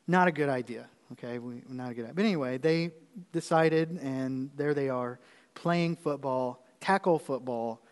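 A man's voice: fairly high pitch, long reverb tail. A man preaching as pastor, telling a personal story in a conversational way with repeated phrases before moving into the sermon.

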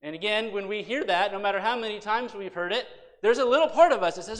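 Animated male Sunday school teacher in a church hall. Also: sits high, quick pace. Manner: animated, emphatic reading with rhetorical questions. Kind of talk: Bible lesson with scripture reading and prayer.

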